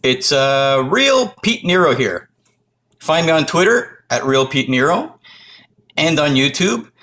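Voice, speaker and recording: A middle-aged man from the Toronto area, ranting to camera in a loud, exasperated, profane comic rant. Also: a little high, very animated, slow. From Canada, Toronto area.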